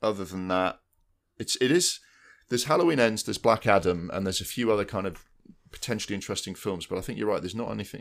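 Low-voiced man chatting about films. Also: vocal fry. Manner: rambling, restarts mid-sentence. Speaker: podcast co-host. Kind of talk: casual film chat.

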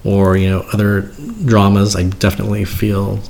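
A middle-aged man, a guest cinematographer, telling stories in a casual chat, animated and searching for words at times. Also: on the low side, moderate pace, creaky. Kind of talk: casual conversation.

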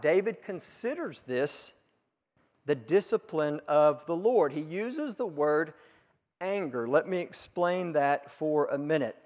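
A man's voice: fairly high pitch, fairly bright tone, in a large hall. A man preaching a sermon as pastor, with emphatic rises and drops as he quotes scripture.

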